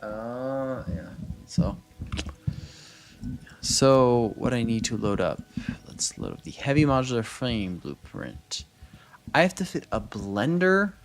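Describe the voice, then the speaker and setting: Taking it slowly, a man with a medium-pitched, animated voice streams a building game. He casually narrates his thoughts, loses his thread and restarts, mutters counts, and talks back to the people watching.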